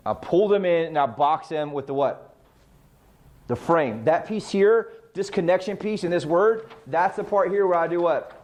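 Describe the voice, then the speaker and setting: Slightly high and a little mellow, a middle-aged man's voice carries a real estate training talk. He frequently asks his group questions and then answers them himself.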